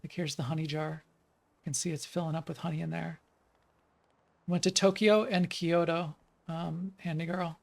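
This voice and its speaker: A US game developer chats on a live stream while playing, rambling from one thought to the next in loose, unscripted speech full of ums, uhs and restarted sentences. His voice is gravelly and creaky at an ordinary middle pitch. He keeps a steady tone at normal speed and pauses often.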